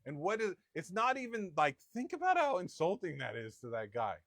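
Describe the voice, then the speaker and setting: A middle-aged man preaching a sermon in a conversational storytelling manner, with quick asides. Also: sits high, wildly swooping pitch, a bit bright, dry recording, clean studio sound. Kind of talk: sermon with personal anecdote.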